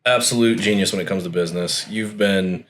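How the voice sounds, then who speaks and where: A man's voice: deep voice, a little fast, fairly bright tone, a little hiss or hum. A man hosting a podcast, chatting in a friendly, laid-back way and calling his guest "man" often. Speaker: podcast host. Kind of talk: casual podcast chat.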